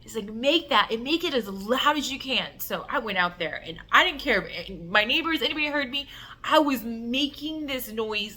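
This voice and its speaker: A woman telling an emotional personal story in an animated way, acting out the voices and filling her talk with "like". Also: fairly high pitch, normal speed. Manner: animated, acts out voices and cries, many "like" fillers. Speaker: self-love coach telling a personal story.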